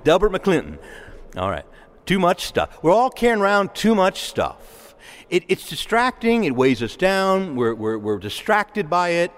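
Lively preaching priest in a reverberant church. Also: male voice, sits high, unhurried. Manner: conversational preaching with asides and repetitions. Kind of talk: sermon.

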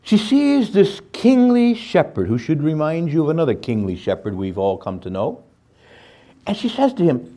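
A man teaching scripture in a lively sermon style, often checking in with "right?" and acting out playful voices. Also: a little high, normal speed. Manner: animated, jumps into playful voices, asks "right?".

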